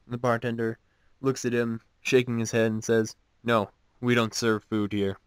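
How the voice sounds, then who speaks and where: Reading jokes with commentary, a male host moves through them in a relaxed, offhand manner at normal speed, following each with dry, mocking comments of his own. His mid-pitched voice comes through with a clean tone in a close, dead recording free of any room sound.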